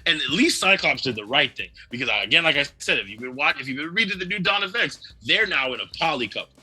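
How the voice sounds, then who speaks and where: A man co-hosting a casual chat show, animated and laughing often, acting out quoted lines as he talks. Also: a little high, quick pace, husky. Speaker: co-host. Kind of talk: casual chat about tabletop games and anime.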